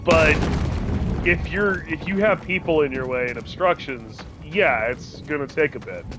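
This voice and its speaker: A young adult man streaming a game, telling a rambling, profane story in a casual, animated way. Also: a little high, a little slow. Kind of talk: casual storytelling while gaming. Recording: game music under voice. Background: game music.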